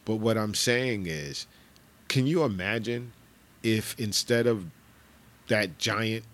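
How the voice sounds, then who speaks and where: Animated, profane man rambling casually. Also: lowish voice, unhurried. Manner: animated, profane, laughing, bursts into shouted cartoon impressions. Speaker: podcast host.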